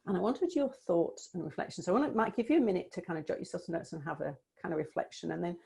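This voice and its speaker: A woman coach giving an online presentation over a video call, explaining ideas warmly and thinking aloud with some restarts. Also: on the low side, expressive, fast talker, gravelly, slightly rough.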